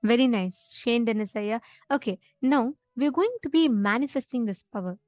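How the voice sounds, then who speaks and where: A woman's voice: a little high, expressive, normal speed, a little mellow, dry recording, faint music behind. A woman leading a live online spiritual teaching session, explaining patiently and often checking in with her listeners.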